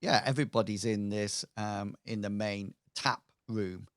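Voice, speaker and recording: A man running a tabletop game as game master, talking in a halting way with many pauses and restarts. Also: on the low side, fairly even intonation, clean tone, no echo, studio quality. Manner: halting, full of ums and restarts.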